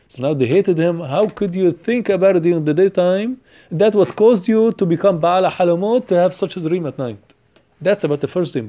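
A man teaching a Torah portion class. He chants Hebrew verses quickly, then explains them with rhetorical questions. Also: mid-range voice, dark tone.

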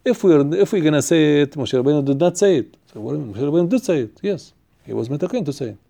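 A man teaching a Torah class. He reads Hebrew sources in a rapid chant, then explains them in English, halting with fillers and restarts. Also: on the high side, expressive, gravelly, warm tone.

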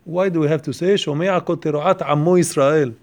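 A man teaching a Torah lesson, asking questions and answering them step by step, repeating phrases and quoting Hebrew passages quickly. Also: a little high, steady tone, darkish tone.

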